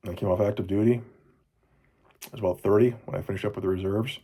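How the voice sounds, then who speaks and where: A man in his forties speaking earnestly to his children in a personal video journal, repeating phrases for emphasis and often dropping to a soft voice. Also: steady tone, quick pace, breathy edge. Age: 40s. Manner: earnest, heartfelt, often drops to a soft low voice.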